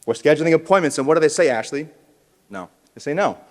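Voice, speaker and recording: A man's voice: a little high, animated, fast. A man giving a punchy motivational speech at a conference, stirring up the audience to call back to him. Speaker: keynote speaker at a realtors conference. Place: large conference hall, indoors. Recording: reverberant conference hall.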